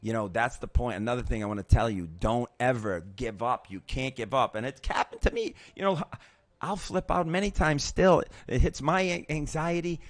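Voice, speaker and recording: A man in his sixties hosts his own show, telling a personal recovery story in an emphatic, pep-talk style. He swears often and restarts sentences. His voice is medium-pitched at a normal pace, with no echo.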